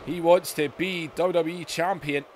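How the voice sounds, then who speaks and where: A man hosting a gaming video, giving excited wrestling-style play-by-play that bursts into shouts. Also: a little high, a little slow, slight background noise. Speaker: YouTube gaming host.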